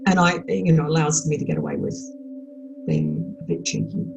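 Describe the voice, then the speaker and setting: A woman's voice: low-pitched, big pitch swings, moderate pace, creaky, lo-fi sound, over music. An older woman from Australia with an Australian accent, chatting frankly and cheekily as an interview guest, full of restarts. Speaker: actress and podcast guest. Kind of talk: casual interview chat.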